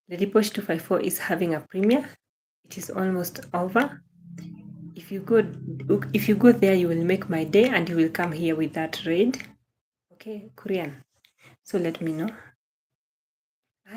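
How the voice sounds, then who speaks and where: A young woman with a Kenyan accent hosts a casual livestream, welcoming viewers one by one and repeating her thanks and praise. Her voice sits low and sounds mellow and soft-edged. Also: moderate pace, a little hiss or hum. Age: young adult. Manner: effusive, repeats phrases, greets viewers by name. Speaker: livestream host.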